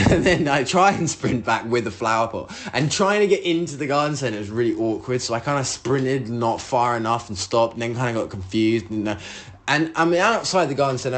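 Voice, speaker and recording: A man's voice: mid-range voice, animated, normal speed, fairly bright tone. A man hosting a solo podcast, telling a rambling story with lots of swearing and acted-out outbursts of his own. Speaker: podcast host.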